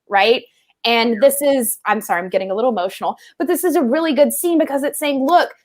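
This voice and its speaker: A woman co-hosting a film discussion podcast, animated and joking, laughing often between earnest points. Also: a little high. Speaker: co-host.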